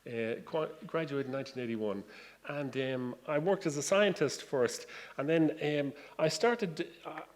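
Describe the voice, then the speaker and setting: An Irish man in his sixties, a guest speaker, gives a humorous talk to an audience in a lecture room, with a slightly high voice at a measured pace. He tells anecdotes with self-deprecating wit. The recording sounds distant in a reverberant hall, with faint noise.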